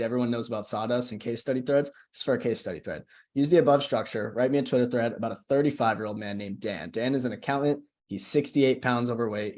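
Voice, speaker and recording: A man's voice: mid-range voice, darkish tone. Chatty man coaching on a video call. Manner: chatty, keeps asking "right?", restarts phrases. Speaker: marketing coach. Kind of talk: casual screen-share tutorial.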